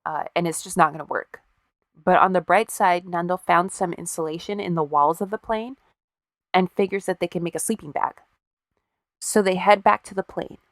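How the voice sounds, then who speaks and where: A woman's voice: on the low side, moderate pace, no room sound, studio quality. Wry, profane woman telling a story. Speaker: podcast co-host. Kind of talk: casual storytelling chat.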